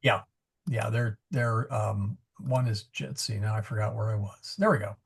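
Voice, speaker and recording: A man's voice: on the low side, fairly even intonation, normal speed, gravelly, husky. A man teaching Latin pronunciation in a live class over a video call, patiently explaining and correcting himself as he goes. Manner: patient, explanatory, self-correcting with frequent fillers.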